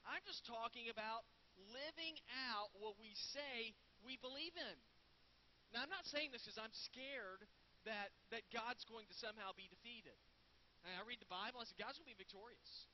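High-voiced preacher, lo-fi hiss. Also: male voice, normal speed. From United States. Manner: earnest, conversational preaching with repeated words. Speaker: pastor. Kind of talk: sermon. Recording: dull lo-fi with faint hiss.

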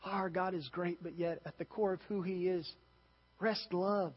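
Young male youth pastor, fervent preacher, high voice, muffled sound in a big echoing hall. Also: fairly even intonation, a little slow, breathy edge. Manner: passionate, emphatic preaching with many restarts. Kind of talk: sermon. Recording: dull sound with long reverb in a large hall.

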